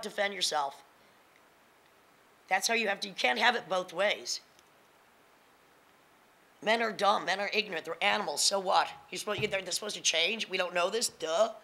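A woman's voice: medium pitch, creaky, sharp tone, rough recording. A woman in her fifties speaking on a panel, blunt, emphatic and confrontational, with plenty of profanity. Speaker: panelist and spoken word performer. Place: lecture hall panel with audience.

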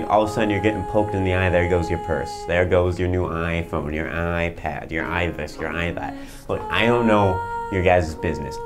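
A man hosting a comedic infomercial, rambling through his sales patter with fillers and restarts. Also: deep voice. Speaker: infomercial host.

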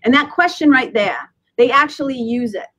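A woman's voice: sits high, normal speed, a bit bright, poor audio. A woman in her fifties, a spiritual teacher speaking as a guest in a podcast interview, earnest and reflective, often laughing and restarting phrases. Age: 50s.

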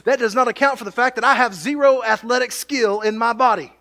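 High, bright-voiced pastor preaching. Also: male voice, steady tone, a little fast. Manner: jokey asides, builds to emphatic peaks. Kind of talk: sermon. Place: church sanctuary.

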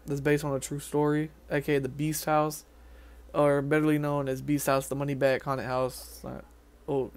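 A man's voice: on the high side, darkish tone. A young man from Tennessee, talking casually to camera outdoors in a rambling vlog style. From Nashville, Tennessee. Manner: rambling, quick, with fillers and restarts. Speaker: vlogger, haunted house actor.

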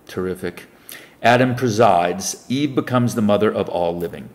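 A man, a self-styled preacher, reading Bible verses aloud and breaking off into rambling commentary, swinging between loud emphatic reading and quiet muttered remarks. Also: lowish voice, normal speed. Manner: reads scripture aloud, then breaks off into rambling asides.

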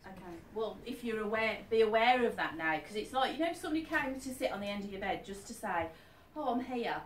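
This woman, a psychic medium, speaks fast and animatedly at medium pitch while doing a live reading for a crowd, repeatedly asking whether they're with her. The audio has an echoey room, a distant mic, and faint noise.

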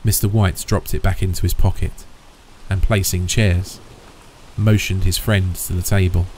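A man narrating a horror story in a measured, steady way. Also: sits low, a little hiss or hum, rough recording.

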